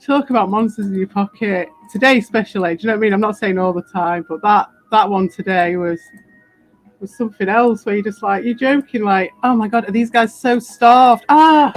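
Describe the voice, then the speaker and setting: A woman's voice: medium pitch, brisk, faint music behind. A British woman in a casual, rambling monologue, swearing freely, laughing often and sounding defiant. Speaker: crypto streamer.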